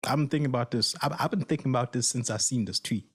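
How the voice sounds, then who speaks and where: A husky-voiced man delivers an angry solo rant straight to his viewers. He repeats lines for emphasis and swears freely, his middle-pitched voice heated and blunt. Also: quick pace. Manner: heated, repetitive, profane, addresses viewers directly. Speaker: sports reaction channel host.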